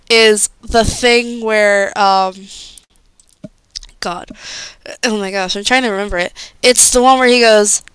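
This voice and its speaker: A woman's voice: medium pitch, a bit bright, smooth, no room sound. A young woman chatting casually on a live stream, bubbly and gushing, often squealing with delight.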